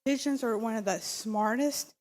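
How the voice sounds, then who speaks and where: At a city council meeting, a woman speaks into the podium microphone during public comment, her voice a little high with a darkish tone at a moderate pace. She's insistent and rambling, with many fillers and restarts.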